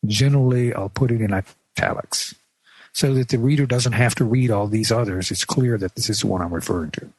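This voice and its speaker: Husky-voiced man teaching on radio. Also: fairly low pitch. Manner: plain-spoken, measured, with small restarts. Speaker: radio show presenter teaching. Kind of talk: instructional radio talk.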